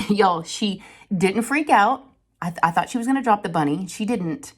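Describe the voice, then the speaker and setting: Woman, 30s, chatty crafting vlogger, animated storyteller, laughs often. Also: normal speed. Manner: chatty, animated, laughs often, quotes people in higher voices. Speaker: crafting channel host. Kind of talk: casual storytelling chat.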